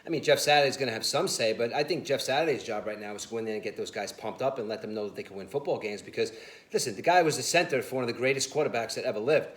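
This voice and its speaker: Fast-talking man in a roomy sports chat. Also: medium pitch. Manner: animated, laughing storyteller, says "listen" and "you know" a lot. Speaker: sports show co-host.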